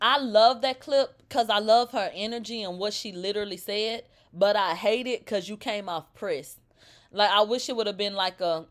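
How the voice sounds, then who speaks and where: A woman in her thirties hosting a live celebrity gossip stream, reading comments aloud and reacting in a profane, animated way, from a low drawl up to sudden shrieks. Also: moderate pace.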